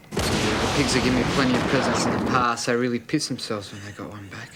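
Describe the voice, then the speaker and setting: An actor playing a leering, menacing Australian criminal who talks crudely and often drops into a rasping whisper. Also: male voice, mid-range voice, fairly even intonation, moderate pace, heavy background noise, close to an everyday voice. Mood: gloating. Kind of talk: TV police drama acting.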